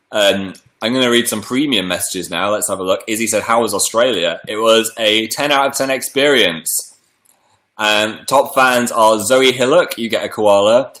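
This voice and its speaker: Chatty man with a bright voice. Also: on the low side, moderate pace, roomy sound. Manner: chatty, playful, rambling. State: slight cold with a cough. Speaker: livestream host reading viewer messages. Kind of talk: casual livestream chat.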